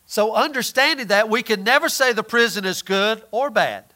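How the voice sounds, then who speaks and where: A man's voice: sits high, normal speed, bright, forceful tone. A man preaching a conversational sermon, often repeating words and asking his listeners questions.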